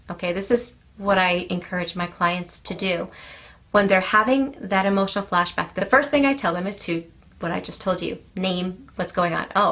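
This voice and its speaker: Calm woman life coach explaining. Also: fairly low pitch. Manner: calm, explanatory, addresses viewer directly with "okay". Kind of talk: coaching talk to camera.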